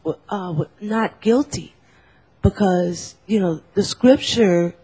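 A woman whose first language is Spanish, with a breathy, husky voice. She speaks haltingly as a guest, often restarting her sentences. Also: medium pitch, dark tone, low-quality recording. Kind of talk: casual talk.

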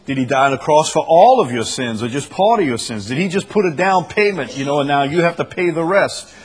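Man, pastor, husky voice, emphatic, repeats himself, rhetorical questions. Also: fairly high pitch, expressive, brisk. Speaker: pastor leading a Bible study. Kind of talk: preaching Bible study.

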